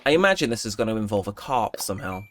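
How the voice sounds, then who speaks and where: A young man casually commenting on his gameplay, chatty and joking, now and then jumping into high-pitched exclamations. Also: very animated, quick pace, crowd noise. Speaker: gaming channel host. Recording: game music playing behind. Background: game music.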